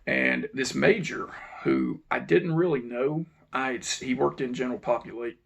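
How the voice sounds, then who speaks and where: A man, telling a personal story to his channel's viewers in an unhurried, reflective way that sometimes drops to a low mutter. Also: gravelly, slight background noise. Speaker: channel host. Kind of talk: casual storytelling monologue.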